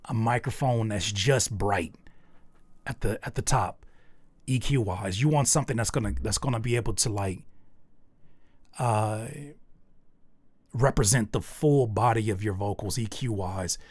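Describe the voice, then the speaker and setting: A man's voice: on the low side, unhurried, long pauses, husky, no echo. A man hosting a livestream, giving candid and rambling feedback on listeners' songs, with many restarts. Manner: candid, rambling with restarts, gets loud and animated in disbelief. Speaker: host reviewing listener music. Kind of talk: casual livestream music feedback.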